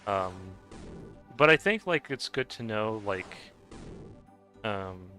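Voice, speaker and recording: Guy rambling while gaming, lowish voice, kinda bright, lots of ums and likes. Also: lively intonation, takes it slowly, soft background music. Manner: meandering, heavy with fillers and restarts. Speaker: gamer chatting while playing. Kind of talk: rambling casual chat.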